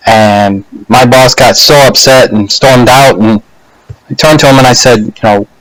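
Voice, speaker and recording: A man casually telling a personal story to a webcam, unhurried, with frequent pauses and fillers. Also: medium pitch, fairly bright tone, dry recording, low-quality recording. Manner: unhurried, halting, many "uh" and "you know" pauses. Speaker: speaker giving a practice speech. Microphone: laptop webcam.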